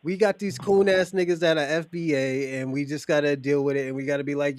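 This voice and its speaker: Joking high-voiced male host, dry sound. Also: fairly even intonation, brisk, few pauses, no room sound. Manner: loose, joking, laughs often, street slang. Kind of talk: casual chat.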